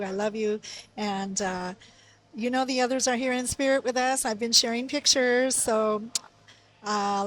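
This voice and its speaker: A woman leaving a gentle, hesitant birthday voice message as an aunt, with frequent pauses. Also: on the high side. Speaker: aunt, party guest. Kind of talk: guest book voice message.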